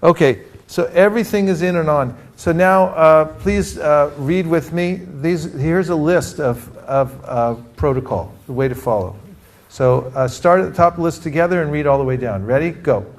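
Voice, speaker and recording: A man from California runs a lively workshop session, prompting his listeners to repeat and respond. His voice sits a little higher than most men's. He keeps the energy up throughout. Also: normal speed. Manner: energetic, calls for audience responses. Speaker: teacher leading a training session. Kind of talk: interactive workshop talk. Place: room with a live group.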